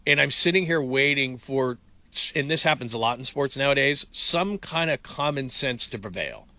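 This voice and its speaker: A middle-aged man hosting casual sports talk, animated and incredulous, rambling with restarts. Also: mid-range voice, moderate pace, dry recording.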